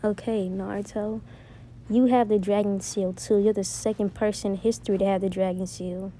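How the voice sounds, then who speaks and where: A calm, patient ninja teacher, as a woman reads him in her own voice, explaining things evenly. The tone is dark and mellow, quite flat in pitch, with faint background noise. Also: moderate pace, lightly acted.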